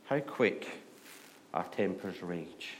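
A middle-aged Scottish pastor preaching a sermon, telling stories and moving between hushed and loud, lively delivery. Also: male voice, low voice, takes it slowly, a little hiss or hum. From Scotland. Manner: storytelling, shifts from hushed to loud and animated.

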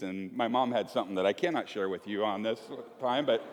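This pastor has a lowish voice with lively intonation and a quick pace. He gives a conversational, joking sermon in a church sanctuary, acting out little scenes, and the hall's echo is audible.

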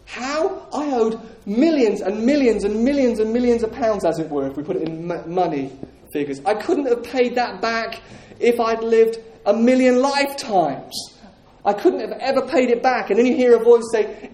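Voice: mid-range voice, normal speed, warm tone. A preacher delivering a sermon, emphatic and repeating key phrases, with jokes for the congregation. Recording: roomy echoing hall.

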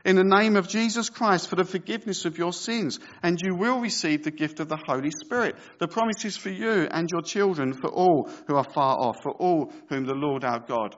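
A man's voice: high-pitched, normal speed, few pauses, dull audio. A man preaching a sermon as pastor, reading scripture with conversational, joking asides.

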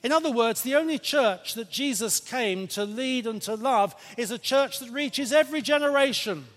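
A man preaching a sermon in a church, lively and playful, with emphatic points and questions to the congregation. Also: very high voice, normal speed. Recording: reverberant church hall.

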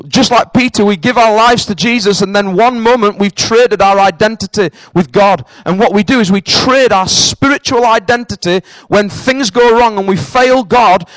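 This sermon at a Cambridge church comes from a pastor with a Northern English accent, from northern England, whose voice is high-pitched and fairly bright. He speaks earnestly and directly, often repeating points for emphasis. Dry, low-quality recording.

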